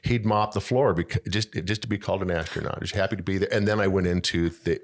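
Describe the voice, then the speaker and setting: A man's voice: low voice, steady tone, fast talker. An older man chatting casually as a podcast guest, joking and rambling, recorded in a podcast studio. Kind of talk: casual chat. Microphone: studio microphone.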